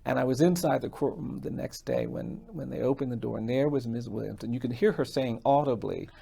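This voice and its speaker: A man as a podcast guest, telling a story in a quiet, measured way. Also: medium pitch, very animated, vocal fry, crowd noise. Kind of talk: storytelling in a conversation.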